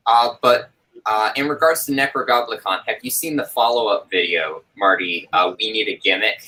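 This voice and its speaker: A man's voice: on the low side, normal speed, low-quality recording. A man chatting casually on a group video call, talking with enthusiasm and many filler sounds. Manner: relaxed, enthusiastic, with frequent "uh" fillers. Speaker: host of a watch-along chat.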